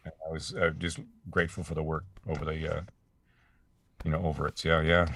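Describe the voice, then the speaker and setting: A man with a very low, deep voice chats animatedly as a voice actor guest. He often stammers and restarts his sentences, and he breaks into laughing asides. The recording is dry and close, from a studio microphone. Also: level tone, fairly quick, a bit bright, no echo. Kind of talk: casual interview chat. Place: home studio.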